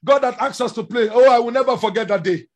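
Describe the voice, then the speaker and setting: A man preaching a sermon with passion, often shouting. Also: extremely high pitch, fast talker. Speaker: pastor.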